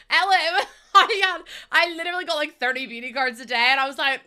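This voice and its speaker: Bright, high-voiced woman streamer. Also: fast talker, soft background music. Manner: chatty and animated, swears freely, laughs often. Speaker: live streamer. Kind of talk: casual chat with live chat viewers.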